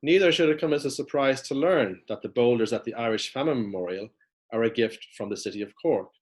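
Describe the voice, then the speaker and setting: A man giving a prepared lecture, reading steadily from notes as he walks through maps. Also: medium pitch. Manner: measured, reads from notes with map references.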